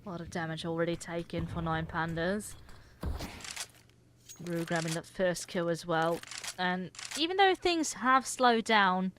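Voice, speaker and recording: A woman calling fast play-by-play as co-caster of a live esports match, laughing easily. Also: fairly low pitch, background noise.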